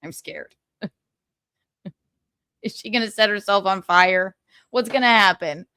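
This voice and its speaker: A woman's voice: medium pitch, slow, bright, forceful tone, smooth, no echo, studio quality. A woman hosting a casual pop-culture gossip livestream, chatty and giggly, saying she is exhausted. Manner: chatty, giggly, tired asides. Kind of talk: casual chat.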